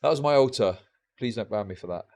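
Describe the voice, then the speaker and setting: A man's voice: medium pitch, animated, fast, darkish tone. A young man streaming live reaction commentary, profane and mocking with sarcastic asides.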